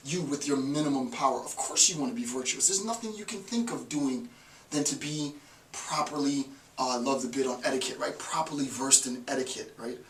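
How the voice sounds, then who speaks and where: A man's voice: mid-range voice, a little fast, a bit bright, recorded from a distance, slight background noise. Emphatic man lecturing in an echoey room. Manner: emphatic, repeats "right?" often. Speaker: philosophy lecturer. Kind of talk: informal lecture.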